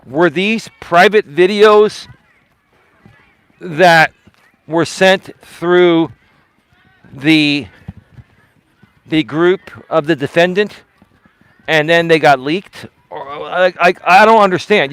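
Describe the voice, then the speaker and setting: A man's voice: on the high side, takes it slowly, long pauses, a bit bright, clear, resonant tone, dry recording. Emphatic man hosting a live stream. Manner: emphatic and defensive, repeats himself; talks straight to chat, asks pointed questions. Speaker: livestream host. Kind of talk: casual live-stream commentary.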